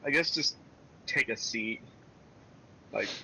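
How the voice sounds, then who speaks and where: Bright-voiced laid-back man player. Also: medium pitch, takes it slowly, vocal fry, slightly rough, poor audio.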